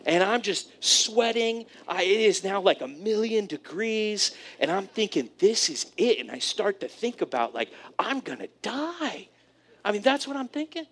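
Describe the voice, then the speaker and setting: A man preaching a sermon, telling a personal story in an animated way, often checking in with "right?". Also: high-pitched, moderate pace, few pauses. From California, USA. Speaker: pastor.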